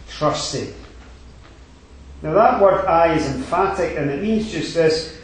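A man preaching a sermon, swinging between quiet reflection and loud emphatic exhortation. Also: fairly high pitch. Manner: rising to emphatic exhortation, then dropping quiet. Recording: very echoey hall.

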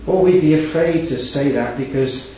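A man preaching a heartfelt sermon, swinging between loud raised passages and hushed low ones, with scripture quoted in old wording. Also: normal speed, a little hiss or hum. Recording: echoey hall, distant mic, dull lo-fi sound.

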